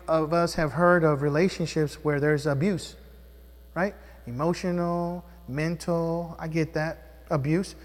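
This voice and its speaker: High-voiced pastor preaching in a reverberant hall. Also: male voice. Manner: conversational preaching with call-and-response questions. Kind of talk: sermon. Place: church sanctuary.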